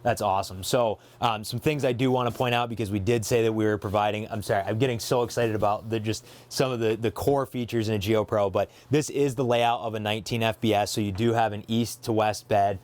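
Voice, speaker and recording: A man's voice: fairly low pitch, fairly even intonation, brisk, few pauses, a little mellow. A man hosting a casual walkthrough of a trailer, talking eagerly with lots of fillers and restarts. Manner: eager, filler-heavy, self-correcting. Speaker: dealership host showing a trailer.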